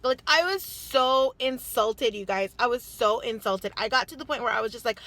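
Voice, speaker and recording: A woman's voice: a little high, a little fast, hardly any pauses, sharp tone. A young woman telling a story in a casual confessional vlog, chatty and full of "like" and "you know", blunt and swearing as she gets heated. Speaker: vlogger.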